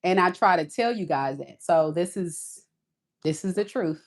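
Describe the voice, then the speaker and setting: A woman's voice: fairly low pitch, animated, unhurried. A woman hosting a tarot live stream, talking to viewers in a folksy, casual way and calling them y'all.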